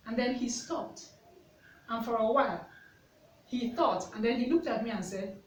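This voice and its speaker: A woman's voice: on the high side, normal speed. A woman, a mother and part-time teacher, telling stories to camera in an earnest way and asking the viewer repeated questions. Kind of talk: reflective storytelling to camera. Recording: roomy, distant mic with faint ambience.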